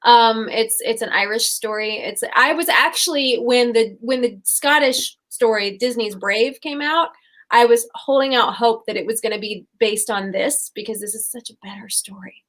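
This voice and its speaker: A woman's voice: fairly high pitch, moderate pace, fairly bright tone. A young woman co-hosting a casual chat show, retelling fairy tales in a rambling, giggly way. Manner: chatty, rambling, giggly storytelling. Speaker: co-host.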